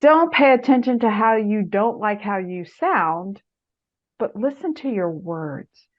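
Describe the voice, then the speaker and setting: Woman guest, middle-aged, lively storyteller who acts out quotes, slightly dull lo-fi sound, average pitch. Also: slow pace. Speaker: author and guest speaker. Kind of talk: conversational interview advice. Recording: muffled lo-fi audio.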